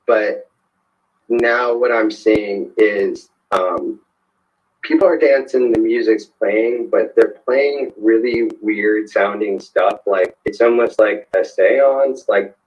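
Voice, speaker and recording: A man with a fairly low voice tells a personal story as a guest, slowly and with many hesitations and restarts. The recording sounds dull and lo-fi, as if the highs were muffled. His delivery is unhurried and conversational. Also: a little mellow. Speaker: guest telling a personal experience.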